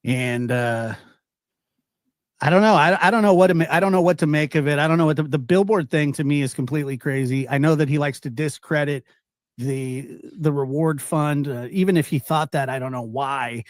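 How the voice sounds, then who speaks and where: A man asking interview questions in a hesitant, halting way, full of fillers and restarts. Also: a little high, no room sound, studio quality.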